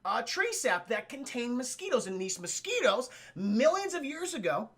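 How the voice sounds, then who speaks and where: A man streaming a casual film recap to his live chat, excitable and swearing freely as he talks straight to the viewers. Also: very high voice, moderate pace, husky.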